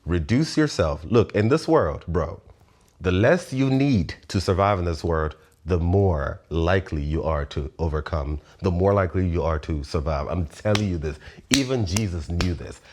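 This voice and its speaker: Deep-voiced man musing and laughing. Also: normal speed, a little hiss or hum. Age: 30s. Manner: animated, laughs often, swears freely. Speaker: show host. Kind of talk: casual philosophical monologue.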